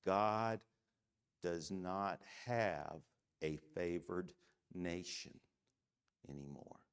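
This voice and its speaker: A middle-aged man from the United States teaching a church Bible class, measured and emphatic, often checking in with "okay?". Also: deep voice, smooth.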